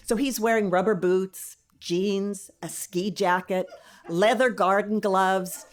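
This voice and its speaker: A middle-aged woman telling a personal story on stage, expressive and dramatic, acting out the quoted lines. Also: mid-range voice, takes it slowly. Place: stage before a live audience.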